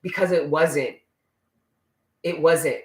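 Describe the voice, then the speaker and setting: A man's voice: fairly high pitch, slow, darkish tone. A man giving a casual spiritual tarot reading to his viewers, talking in an emphatic, preachy way and swearing freely. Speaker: tarot reader. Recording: roomy echo.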